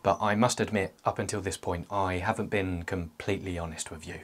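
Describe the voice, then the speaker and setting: A man's voice: sits low, fairly even intonation, a little fast, hardly any pauses. A young man talking to his own channel's viewers in a scripted self-help monologue, joking as he goes. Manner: playful, jokey asides.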